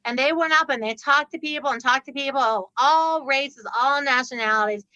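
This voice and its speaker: A woman guest on a podcast, telling a story with lively laughter and acting out the people in it. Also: sits high, normal speed, no room sound, low-quality recording. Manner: laughs often, acts out the people in her story. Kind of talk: animated storytelling.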